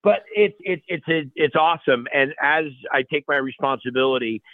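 A male guest chef telling animated stories on a radio show, full of restarts and repeated phrases. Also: a little high, moderate pace, no echo. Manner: energetic, repeats and restarts phrases, acts out quotes. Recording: tinny phone line, dry.

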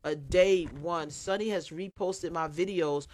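Animated storytelling woman on radio. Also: on the low side, measured pace. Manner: animated storyteller, acts out dialogue. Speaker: guest, radio and cooking personality. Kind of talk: casual radio interview chat.

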